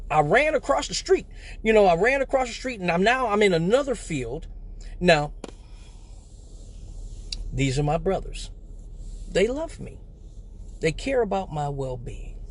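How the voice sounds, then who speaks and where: Animated husky man telling a wild story. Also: high voice. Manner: animated, profane, acts out voices. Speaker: live show host. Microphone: phone or webcam on a live stream.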